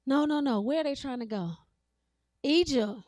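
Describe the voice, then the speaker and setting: A woman's voice: high voice, moderate pace, a little mellow, no echo. A woman pastor, preaching a sermon in call-and-response style, repeating her phrases and laughing with the congregation. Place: church sanctuary.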